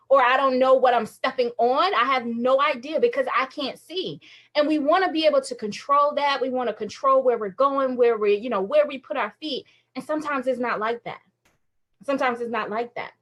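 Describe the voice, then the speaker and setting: A woman's voice: high-pitched, fairly bright tone. A woman in her thirties giving a candid, emotional inspirational talk on a phone livestream, often laughing as she confides. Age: 30s. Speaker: faith livestream speaker.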